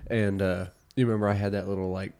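A young man with a low voice chatting on a podcast. He tells stories in a loose, rambling way and laughs a lot as he goes. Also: flat delivery, fast talker, darkish tone, smooth. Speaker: podcast co-host. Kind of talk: casual chat.

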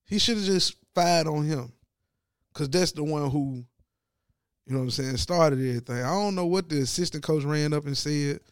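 A man giving a casual, profane sports commentary rant, animated and mocking as he talks. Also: a little high, moderate pace, smooth, no room sound, clean studio sound.

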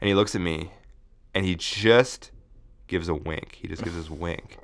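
A man co-hosting a podcast, telling a deadpan comic story in a rambling way, full of restarts. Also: low-pitched, a little slow. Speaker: podcast co-host.

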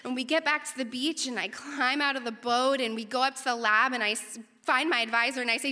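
Bright-voiced young woman telling a story. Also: sits high, brisk, hardly any pauses. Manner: animated, voice jumping up when recounting panic. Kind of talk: first-person story told to an audience. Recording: reverberant hall.

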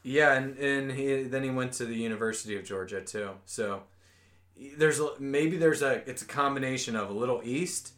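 A male podcast co-host in his thirties, chatting casually with a friend. His voice sits in an ordinary middle pitch. He jokes and swears freely, with sudden animated bursts. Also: moderate pace.

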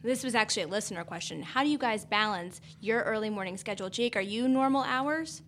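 A woman co-hosting a podcast, brisk and wry as she asks questions. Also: medium pitch, fairly bright tone, slight background noise. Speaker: podcast co-host. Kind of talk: casual podcast chat.

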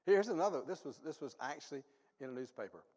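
Animated male pastor preaching in a reverberant church. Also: fast. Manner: animated, swings from low asides to loud exhortation; self-deprecating humor, reads ads aloud for laughs. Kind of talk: sermon. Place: church sanctuary.

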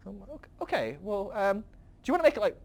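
A male podcast host rambles through philosophical ideas, laughing often and restarting his sentences. His pitch leaps around in a lively, expressive way. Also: fast. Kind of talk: casual philosophical teaching.

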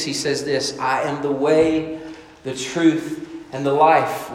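A man preaching a sermon, telling a story and acting out the voices in it, swinging from loud to soft. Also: on the high side. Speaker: pastor. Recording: echoey hall.

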